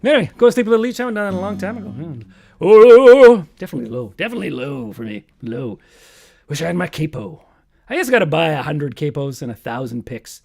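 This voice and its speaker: A man's voice: a little high, expressive, a little fast, gravelly. A man hosting a casual livestream, singing comic songs and chatting loosely between them with self-deprecating remarks. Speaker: singer-songwriter and livestream host. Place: home room. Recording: voice with loud acoustic guitar.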